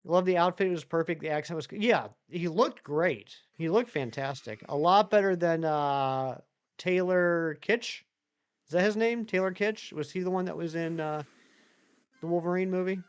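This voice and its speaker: A man with a fairly high, clear and resonant voice chats loosely with viewers on a live stream, reading their messages aloud and answering them. He speaks at normal speed and rambles with lots of restarts, and the audio is lo-fi.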